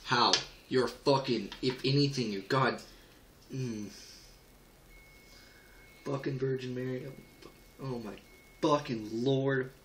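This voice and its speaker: A man's voice: medium pitch, steady tone, takes it slowly, long pauses, fairly bright tone. Man, furious game rant, nonstop swearing, home phone video, echoey room, background noise. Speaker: gamer reacting to a mobile game. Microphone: phone camera held by someone else.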